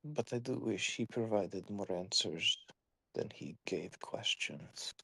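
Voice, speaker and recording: Guy doing a tired guarded warrior, husky gravelly voice, quiet and withdrawn. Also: lowish voice, takes it slowly, dry recording, exaggerated voice. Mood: brooding. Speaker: tabletop player. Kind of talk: in-character roleplay.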